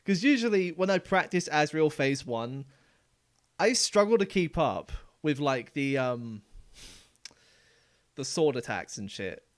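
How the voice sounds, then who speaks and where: A man's voice: fairly high pitch, sing-song, unhurried, long pauses, no echo. A man streaming a video game live, chatting casually as he plays. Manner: casual, chatty, trails off quietly. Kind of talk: live gaming stream commentary.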